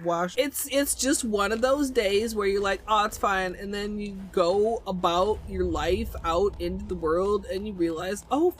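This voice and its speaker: A woman's voice: mid-range voice, fairly even intonation, unhurried, few pauses, slight background noise. A woman streaming live, chatting casually with crude jokes and sudden shrieks. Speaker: nail art streamer. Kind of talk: casual livestream chat.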